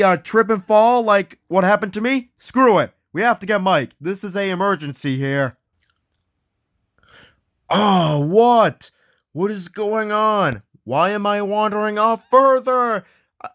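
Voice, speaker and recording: A man hosting an acted ghost hunt, excitable and often yelling out names. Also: a little high, dry recording, clean studio sound.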